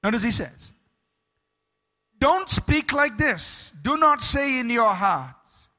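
A man's voice: very high voice, sing-song, takes it slowly, sharp tone. A man preaching a sermon as pastor, emphatic, stopping to ask the congregation for amens.

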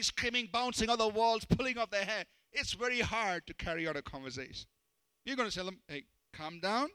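A man preaching a sermon as pastor, animated and telling stories with self-deprecating humor. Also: very high voice, smooth, dry recording, low-quality recording.

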